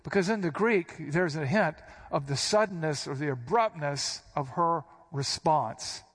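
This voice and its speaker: With a slightly rough, higher-than-average voice, this pastor speaks a little slowly as he works through a passage in an expository sermon. He teaches emphatically, hitting key words hard and lifting quoted words with sudden rises.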